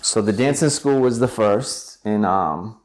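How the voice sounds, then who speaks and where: A young adult man, an interview guest, telling a personal story in an animated way with many filler words. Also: lowish voice, measured pace. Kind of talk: conversational storytelling.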